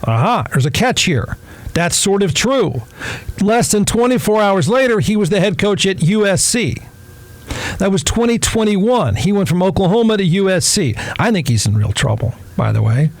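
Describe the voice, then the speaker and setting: Snarky high-voiced male talk host. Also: very animated, moderate pace, no room sound. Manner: snarky, irreverent. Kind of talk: casual sports commentary.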